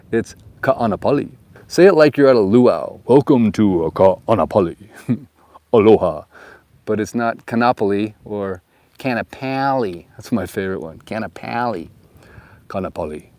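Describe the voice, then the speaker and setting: A man's voice: lowish voice, darkish tone, dry recording. Chatty man filming on a hillside. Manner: chatty, laughs at himself, playful. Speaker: real estate agent. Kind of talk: casual outdoor vlog. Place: outdoors at a hillside lot.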